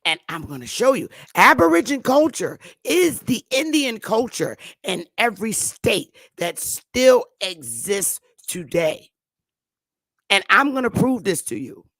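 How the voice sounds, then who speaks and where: A woman in her fifties from Connecticut hosts a talk show, lecturing viewers emphatically and repetitively while drawing out her words. Her medium-pitched voice is a bit bright, swings widely in pitch, and moves at a measured pace with no echo.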